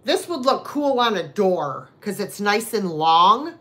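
A woman hosts a live online sale, chatting casually with buyers and drifting into rambling, self-deprecating asides. Her voice is mid-range with big pitch swings, and she takes things slowly in this relaxed live-stream selling chat.

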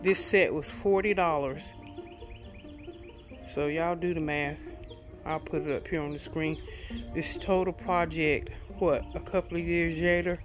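A woman with a Southern US accent chatting casually to her viewers in a DIY vlog, folksy and quick to get riled up. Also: sits low, fairly even intonation, over music. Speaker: DIY vlogger.

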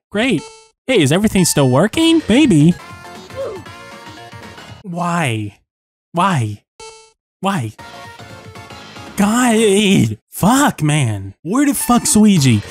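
Young guy cussing at a rhythm game, kinda high voice, game music faint in the back. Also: darkish tone. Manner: swears a lot, rants and repeats himself when losing. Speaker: gaming YouTuber. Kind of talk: profane frustrated gameplay commentary. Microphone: desk mic, sometimes moved away.

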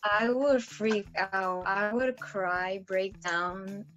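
A young adult woman answering questions as a guest in a casual interview, relaxed and giggly. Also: mid-range voice, drawn-out words, faint music behind, rough recording.

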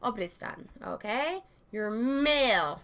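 A woman playing a video game and commenting casually, swearing freely, yelling mock-official orders at characters, and haltingly reading on-screen text aloud. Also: on the high side, animated. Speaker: let's play gamer.

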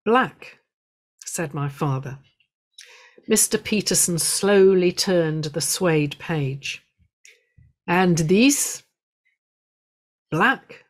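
Woman giving a history talk, slow and unhurried, calm storytelling with a bit of dry humour. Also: fairly low pitch. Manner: measured, storytelling delivery with gentle humour. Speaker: guest speaker at a local history society. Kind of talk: prepared illustrated talk.

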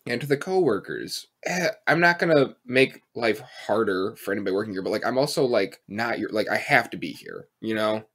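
A man's voice: on the low side, animated, a little fast, few pauses, fairly bright tone. An American man in his twenties with a rambling, profane way of telling stories, full of fillers, co-hosting a casual podcast chat. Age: 20s. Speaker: podcast co-host.

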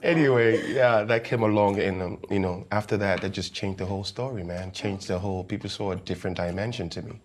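Man playing a calm, encouraging actor. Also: lowish voice, fairly quick, hardly any pauses, lightly acted. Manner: calm, reassuring, casual American-style slang. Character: famous male actor visiting, encouraging mentor. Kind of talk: comedy series acting.

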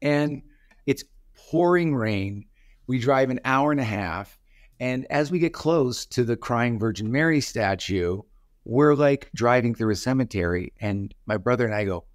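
A man's voice: medium pitch, animated, a little slow, no room sound, studio quality. A man in his forties telling a childhood story in a casual, rambling way, full of fillers and restarts.

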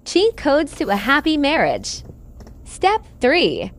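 A woman announcing segment titles in a bright, sing-song way. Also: sits high, huge pitch swings, slow.

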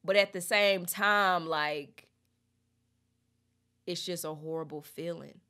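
A young woman, chatting expressively in a casual lyric breakdown and reading lyrics aloud slowly. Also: lowish voice, sharp tone, clean tone. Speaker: music reaction host.

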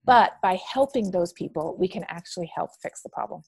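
A middle-aged woman from Canada, a podcast guest telling stories in a lively conversational way. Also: fairly low pitch, brisk, vocal fry, slightly rough, no room sound. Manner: animated storyteller acting out quoted dialogue.

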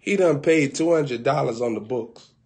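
A man preaching, telling a comic story in an animated, colloquial way. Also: medium pitch, moderate pace.

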